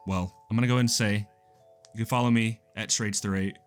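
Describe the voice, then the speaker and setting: A young man co-hosting a podcast, talking casually in an animated, enthusiastic way and calling his co-host "dude". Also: fairly low pitch, quick pace, clear, resonant tone, faint music behind. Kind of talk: casual chat.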